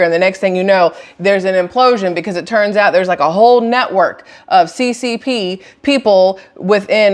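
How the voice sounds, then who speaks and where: Emphatic woman host of a commentary vlog. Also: mid-range voice. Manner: emphatic, repeats words for stress. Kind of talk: casual political commentary.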